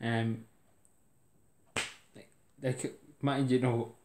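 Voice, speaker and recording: An indignant Irish man rants about politics in a mid-pitched voice, repeating himself and laughing in disbelief. His voice carries a clear room echo. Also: level tone, extremely slow, dark tone. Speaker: video blogger. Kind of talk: political rant to camera. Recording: roomy echo.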